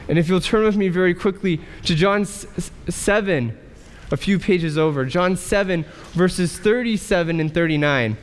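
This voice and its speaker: A male pastor preaching a sermon in a church, asking rhetorical questions and pausing for effect. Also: sits high, clean tone. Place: church sanctuary. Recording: church hall reverb.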